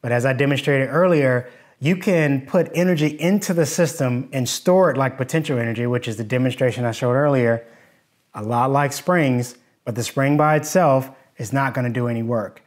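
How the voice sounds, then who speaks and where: A man's voice: mid-range voice, normal speed. A man teaching in a video lesson, plainspoken and skeptical as he picks apart hoaxes. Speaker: engineering YouTuber.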